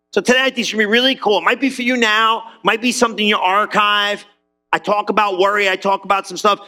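Bright, high-voiced man preaching animatedly. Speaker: pastor. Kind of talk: sermon.

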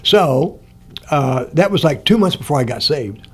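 A man's voice: on the high side, animated, unhurried, slightly rough. An older man from Indiana, telling stories from his life in a rambling, casual way and chuckling often. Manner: rambling, chuckles often, acts out quoted people. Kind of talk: casual storytelling.

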